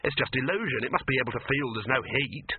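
A man's voice: mid-range voice, lively intonation, fast talker, slight background noise, lightly acted. Man doing a puzzled film crew guy asking questions, tinny phone audio.

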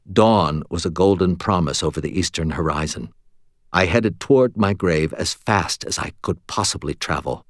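A man reading a first-person novel aloud, telling the story in a wry, steady way. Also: lowish voice, dry recording, studio quality. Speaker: audiobook narrator. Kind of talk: first-person scripted narration.

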